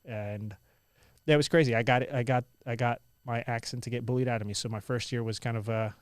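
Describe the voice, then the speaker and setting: Animated young man, lots of "like". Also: medium pitch, brisk, clear, resonant tone, no room sound. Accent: American. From India. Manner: animated, lots of "like" and "I was like" quotes. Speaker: guest. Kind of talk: casual interview storytelling.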